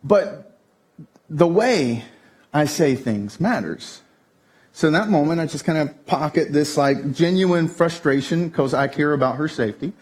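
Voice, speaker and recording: A man preaching a sermon, telling a family story with lively shifts up into a tense, excited delivery. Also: a little slow. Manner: animated storytelling, voice jumps high when telling the tense part. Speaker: pastor. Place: church stage.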